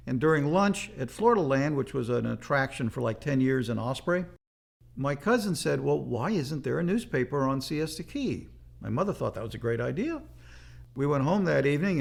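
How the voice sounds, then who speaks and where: Older man, gravelly voice, steady storytelling for a documentary interview. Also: mid-range voice. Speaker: son recalling his father.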